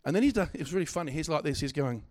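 Middle-aged male preacher, high-pitched, animated sermon delivery with stammered restarts. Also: very fast. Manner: animated, swings from loud exhortation to quiet asides, stammering restarts.

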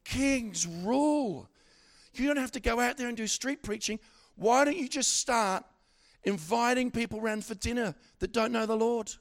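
A middle-aged man preaching a sermon, swinging from loud exhortation to quiet asides, with stammering restarts. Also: very high voice, normal speed, creaky.

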